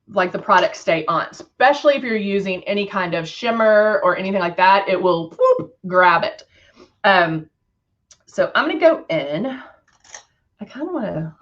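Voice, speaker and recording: A woman's voice: medium pitch, a bit bright, dull audio. A middle-aged woman hosting a live makeup demo, chatting casually, laughing often and reading viewer comments aloud. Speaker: live stream host.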